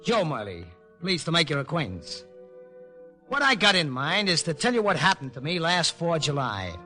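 A slangy, wisecracking war veteran in a 1940s radio play, his bright voice pitched a little high. He swings up and down lively as he needles and cajoles, tough on the surface but kind underneath. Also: normal speed, faint music behind. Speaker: narrator and lead character.

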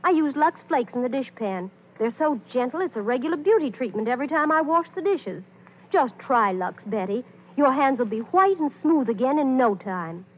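An actress playing a young newlywed who reassures a crying friend, in a soothing manner, acted for a 1930s radio ad on a tinny broadcast. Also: female voice, high-pitched, lively intonation, moderate pace.

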